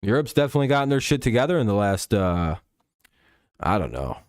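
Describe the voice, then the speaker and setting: A man's voice: fairly low pitch, sing-song, a little fast, clear, resonant tone, dry recording, studio quality. A man hosting a casual live stream, rambling and swearing freely, with chuckles and frequent restarts. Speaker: stream host.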